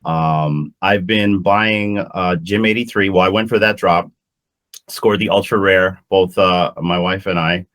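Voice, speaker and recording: Very deep-voiced man chatting casually. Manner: relaxed, halting with fillers. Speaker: podcast panelist. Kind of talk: casual chat.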